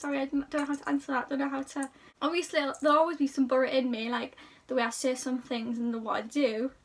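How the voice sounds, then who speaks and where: A woman's voice: high-pitched, flat delivery, fast talker, distant mic. A young woman chatting to camera in a rambling, self-deprecating way, talking casually about herself. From England. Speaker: YouTuber.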